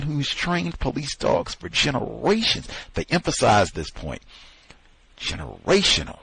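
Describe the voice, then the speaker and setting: A man hosting a study session, talking through a book with musing asides that build into animated emphasis. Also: mid-range voice, a little slow, vocal fry, husky, low-quality recording. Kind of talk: book discussion talk.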